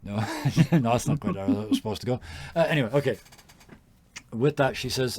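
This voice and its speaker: A man narrating as game master, relaxed and rambling, with fillers and laughter. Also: medium pitch, fairly quick, husky.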